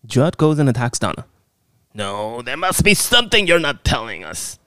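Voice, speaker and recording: A man's voice: mid-range voice, very animated, normal speed, pushed and bright, clean tone, dry recording, studio quality. A man recapping a horror film in a casual, sarcastic, exasperated way, swearing often.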